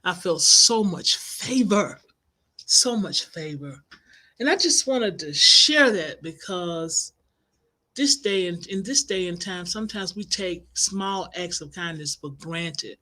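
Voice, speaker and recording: A middle-aged woman, a life coach and minister, telling inspirational stories in an animated, expressive way. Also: fairly low pitch, takes it slowly. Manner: animated, expressive, acts out quoted voices. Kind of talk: inspirational storytelling broadcast.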